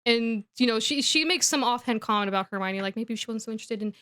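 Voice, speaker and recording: A woman's voice: on the high side, quick pace, fairly bright tone, clear, resonant tone. A young adult woman co-hosting a podcast, chatting casually through a comedic book recap with lots of "like" and restarts. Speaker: podcast co-host.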